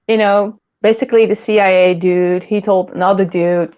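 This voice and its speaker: A woman's voice: mid-range voice, steady tone, moderate pace, hardly any pauses, lo-fi sound. A woman hosting a casual livestream chat, rambling and giggling often as she talks. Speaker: host.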